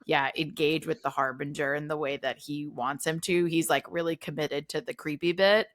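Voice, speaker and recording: A woman's voice: deep voice, steady tone, moderate pace. A woman co-hosting a casual film podcast, talking animatedly, acting out quotes and swearing freely. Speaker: podcast co-host. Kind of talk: casual chat.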